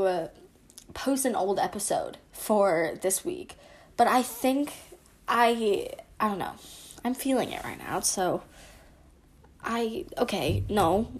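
A woman's voice: medium pitch, a little mellow. A young woman co-hosting a casual podcast, giggling and restarting her intro lines. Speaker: podcast co-host. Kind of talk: casual podcast chat, blooper takes.

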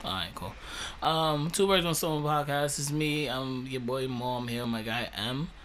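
A man's voice: medium pitch, normal speed, fairly bright tone. A young adult man, hosting a casual podcast, laughing and trash-talking in loose slang. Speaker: podcast host. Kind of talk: casual banter. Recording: noisy room recording.

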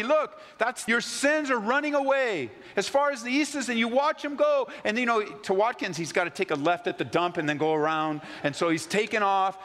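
A man delivers a sermon from the pulpit, his voice sitting a little high for a man. He tells stories with animated, acted-out asides. His words carry with a long reverb from the church sanctuary. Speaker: pastor.

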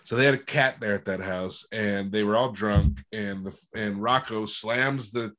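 A man in casual chat as a co-host, laughing often and acting out lines with big jumps in pitch. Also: unhurried, a bit bright.

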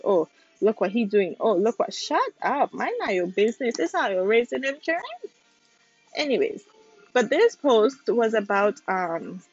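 A woman's voice: fairly high pitch, gravelly. A young woman talking straight to her listeners on a casual home podcast, emphatic and ranting. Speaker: podcast host. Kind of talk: casual opinion podcast monologue. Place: home, with family nearby. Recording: slightly dull lo-fi sound.

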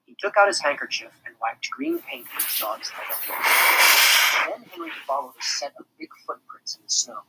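An expressive narrator reading a children's chapter book aloud, sometimes dropping to a whisper. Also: mid-range voice, normal speed, gravelly, very noisy. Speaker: storybook narrator.

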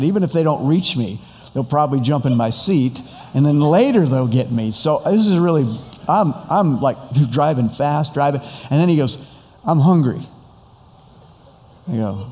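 A man's voice: mid-range voice, long reverb tail. A man telling a rambling personal story, acting out the dialogue as he goes. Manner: rambling, animated retelling with quoted dialogue. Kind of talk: storytelling talk.

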